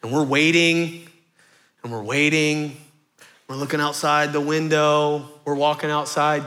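A man in his thirties preaching a sermon, telling a story in lively fashion and repeating phrases for rhythm. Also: a little high, a little slow. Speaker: pastor.

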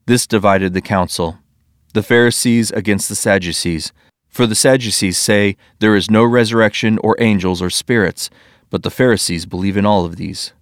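A man reads scripture aloud in a steady, measured voice. His pitch sits low and the delivery stays even. The recording is dry and close, with no room sound. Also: dry recording. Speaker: scripture reader. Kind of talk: scripted Bible reading.

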